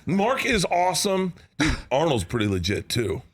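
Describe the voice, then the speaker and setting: A man in his fifties, a comedian guest in a studio, telling animated stories, laughing often and acting out other people's lines. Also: on the high side, normal speed, breathy edge. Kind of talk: animated storytelling with quoted voices. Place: radio show studio.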